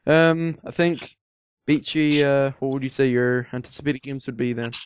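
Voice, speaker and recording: A man's voice: medium pitch, fairly even intonation, moderate pace, clean tone, dry recording. Rambling man on a lo-fi podcast. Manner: rambling, lots of fillers, sarcastic. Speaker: podcast co-host. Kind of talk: casual chat.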